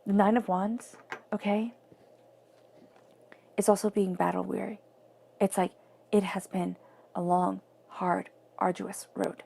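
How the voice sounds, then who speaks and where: A woman's voice: mid-range voice, level tone, slow pace, creaky, pauses often, dark tone, slightly rough. A woman giving an earnest, emphatic tarot reading, repeating phrases and sometimes dropping to a whisper. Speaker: tarot reader.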